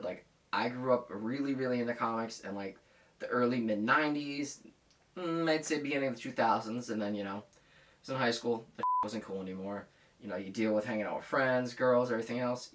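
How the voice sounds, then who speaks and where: A man's voice: mid-range voice, a bit bright. A man in his thirties delivering a heated, profane, blunt rant as a vlogger. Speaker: comics vlogger. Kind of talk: casual ranting monologue.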